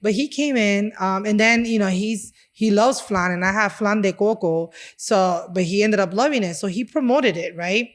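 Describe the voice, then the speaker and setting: A woman's voice: medium pitch, normal speed, few pauses. A woman from Chicago, a chef and restaurant owner, talking in conversation and acting out the dialogue in her stories. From Chicago, United States. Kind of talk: conversational storytelling.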